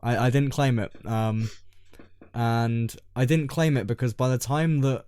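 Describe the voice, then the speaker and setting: A man's voice: medium pitch, steady tone, a little slow, darkish tone, clean tone, no room sound. A young man from Scotland, co-hosting a podcast, telling a long story in casual chat, full of ums and restarts. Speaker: podcast co-host.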